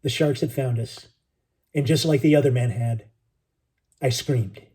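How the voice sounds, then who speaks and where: A man narrating a first-person story in a steady, plain reading. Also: mid-range voice, measured pace, slightly rough. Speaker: audiobook narrator.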